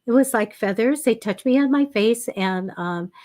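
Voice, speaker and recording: A woman's voice: on the high side, moderate pace, darkish tone. A woman hosting a psychic reading show, telling anecdotes in a chatty, encouraging way with lots of fillers. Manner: encouraging, direct advice. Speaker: psychic reader and host. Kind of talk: casual livestream chat.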